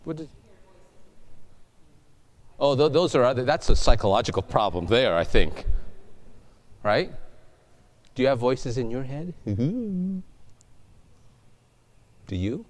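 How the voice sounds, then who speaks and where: A man's voice: medium pitch, a little slow, pauses often. A man preaching a sermon, telling stories and putting questions to the congregation. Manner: animated storytelling, questions to the congregation. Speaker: pastor.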